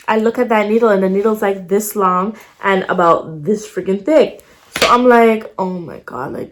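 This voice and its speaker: A young woman vlogger casually telling a personal story to the camera, with plenty of slang and swearing and an animated way of retelling events. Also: mid-range voice.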